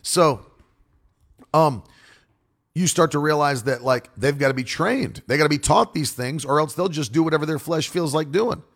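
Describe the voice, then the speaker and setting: A man's voice: a little high, moderate pace, a bit bright. A male preacher giving a flowing sermon on marriage and parenting, repeating key phrases for emphasis. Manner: loose, flowing delivery with restarts.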